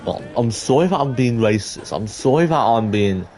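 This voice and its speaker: A teenage boy telling a school story to camera in an excitable, rambling way, full of restarts and exclamations. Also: mid-range voice, normal speed, hardly any pauses. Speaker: vlogger.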